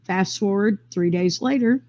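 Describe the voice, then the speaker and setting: An interviewee tells a casual first-person story about something she experienced, rambling in quick bursts full of fillers and restarts. Her medium-pitched voice is warm and mellow, though the recording sounds dull and lo-fi.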